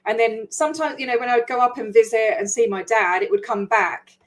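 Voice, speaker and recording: A woman's voice: fairly high pitch, fairly even intonation, brisk. A woman from Scotland who now speaks with an English accent, hosting a casual video interview in a chatty, rambling way with frequent laughter. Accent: English, faded Scottish. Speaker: host.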